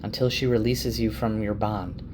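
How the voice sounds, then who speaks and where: A man's voice: lowish voice, fairly even intonation, moderate pace, noisy background, natural voice. A man voicing a firm, commanding young woman who answers curtly. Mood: cold. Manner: firm, curt.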